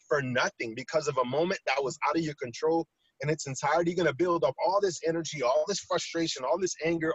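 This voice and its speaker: A man casually telling a personal story on a talk show, animated and acting out the quoted lines. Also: fairly high pitch, slightly rough, dry recording, lo-fi sound. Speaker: podcast co-host.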